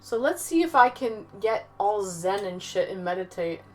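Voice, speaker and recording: A woman's voice: medium pitch, lively intonation, normal speed. A woman livestreaming and casually answering her chat aloud, rambling and chatty with some swearing. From Canada.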